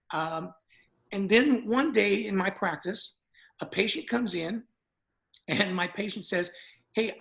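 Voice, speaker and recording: An older man with a Southern American accent speaks with a gravelly, slightly rough voice. He tells his story in a folksy, chatty way and slips into quoted back-and-forth as he goes. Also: high-pitched, fairly bright tone, rough recording. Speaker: guest dentist. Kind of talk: casual interview storytelling.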